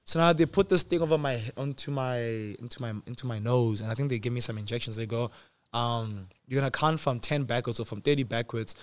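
A man in his twenties telling a personal story in casual chat, animated, acting out quotes with sudden jumps in pitch and loudness. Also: brisk. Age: 20s. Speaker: host.

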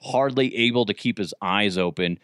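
A man in his thirties tells old radio stories, rambling and swearing freely. He jumps in pitch when he gets excited and keeps restarting his sentences. His voice sounds close and dry. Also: moderate pace, clean tone, dry recording. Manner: rambling, profane, animated, self-correcting. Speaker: podcast host, former radio producer. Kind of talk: casual storytelling.

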